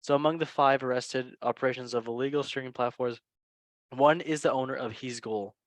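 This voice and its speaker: A man's voice: mid-range voice, steady tone, fairly quick, no echo. A man hosting a casual football news show, chatty and joking. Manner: joking, chatty, laughs at own lines. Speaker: podcast host.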